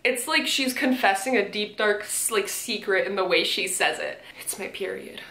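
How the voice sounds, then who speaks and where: A woman's voice: medium pitch, normal speed, pushed and bright. Snarky woman reacting to bad writing, laughs a lot, roomy echo. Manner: sarcastic, laughing often, swearing. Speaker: commentator reading passages aloud. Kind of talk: casual reaction commentary. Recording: echoey room.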